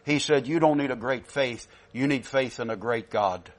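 A man preaching a sermon, emphatic, rising loud and dropping soft, repeating himself often. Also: mid-range voice, moderate pace, few pauses.

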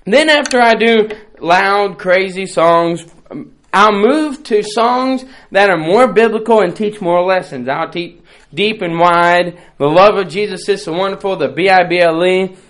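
A middle-aged man, teaching a bus ministry workshop in a playful, animated way and breaking into song. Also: high-pitched. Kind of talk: training talk with sung examples.

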